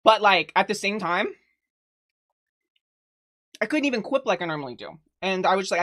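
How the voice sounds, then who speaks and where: A young woman chatting casually and swearing a lot while eating on a live stream, close to a desk mic, breaking into laughs and loud outbursts. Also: mid-range voice, animated, normal speed.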